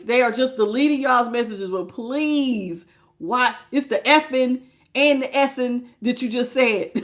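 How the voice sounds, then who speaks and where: A woman's voice: high-pitched, fairly bright tone. A woman giving a live tarot reading, talking casually and emphatically to her viewers, repeating phrases and laughing often. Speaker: tarot reader.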